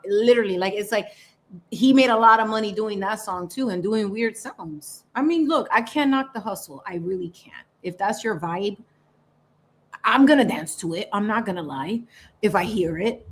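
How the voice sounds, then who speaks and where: Woman host, casual livestream chat, animated and chatty, mid-pitched voice, drops in Spanish phrases. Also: moderate pace.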